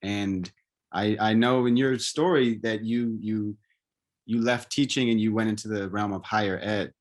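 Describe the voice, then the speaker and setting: A man's voice: fairly low pitch, steady tone, measured pace. A man hosting an interview show, affirming his guest with frequent murmured agreement and then asking his next question. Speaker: podcast host. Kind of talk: interview conversation.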